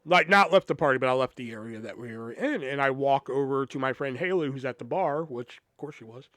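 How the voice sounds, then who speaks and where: A man's voice: mid-range voice, expressive, fairly quick, no echo. A young man hosting a podcast, telling a personal story in a casual monologue, swearing freely and rambling with restarts and fillers. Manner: turns quiet and reflective.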